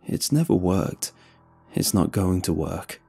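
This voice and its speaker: A man voicing a frightened grown man in a horror story, quiet and strained. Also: deep voice, lively intonation, takes it slowly, vocal fry, husky, soft background music, voice pushed down, exaggerated voice. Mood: shaken. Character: frightened grown man facing his dead daughter.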